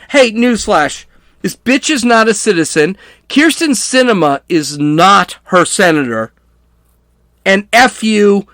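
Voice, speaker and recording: A male podcast host in full rant, angry and biting. His pitch leaps up and down as he gets worked up, sometimes to a shout. The sound is close and dry, with no room around it. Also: dry recording. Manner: angry, sarcastic, shouts at times. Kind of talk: ranting political commentary.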